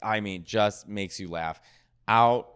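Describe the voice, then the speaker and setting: A man's voice: fairly low pitch, slow pace, fairly bright tone, clean tone. A man who is a comedian, a guest on a podcast, chatting casually and enthusiastically praising other comics. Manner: enthusiastic, gushing about peers. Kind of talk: casual chat.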